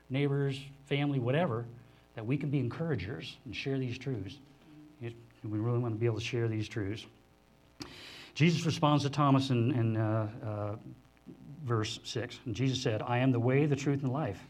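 A man preaching a sermon to a congregation in a conversational, animated way, often acting out the voices of others. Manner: animated, acts out the disciples' voices in higher pitch; conversational, with restarts and asides to the congregation. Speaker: pastor. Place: church hall before a congregation.

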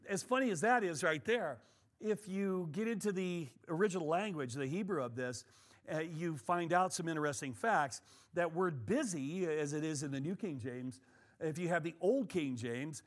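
A middle-aged man leads a Bible study in a loose, conversational way. His voice sits a little high, and he often doubles his words and leans on fillers as he talks. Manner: conversational and animated, many fillers and repeated words. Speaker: pastor teaching a Bible study.

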